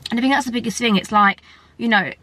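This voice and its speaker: A woman's voice: fairly high pitch, fast talker, sharp tone. A young English woman talking candidly to camera in a personal vlog, tearful and rambling. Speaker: vlogger.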